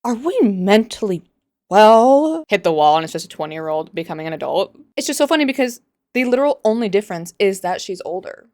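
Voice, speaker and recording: A woman's voice: medium pitch, lively intonation, fast talker, darkish tone, no room sound, clean studio sound. A young adult woman giving sarcastic, incredulous commentary in a vlog. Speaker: commentary vlogger. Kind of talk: opinionated commentary.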